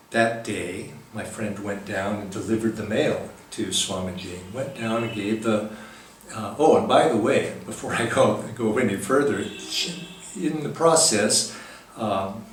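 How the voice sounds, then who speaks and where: A man's voice: on the low side, recorded from a distance, slight background noise. Man telling a story in a very echoey hall. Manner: gentle, halting storyteller with many pauses and fillers. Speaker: spiritual teacher. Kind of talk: storytelling talk.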